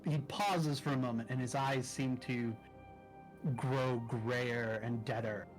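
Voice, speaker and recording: A man narrating as dungeon master in a tabletop game, describing scenes in a deliberate way over a voice call. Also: medium pitch, fairly even intonation, soft background music, poor audio. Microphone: discord call mic.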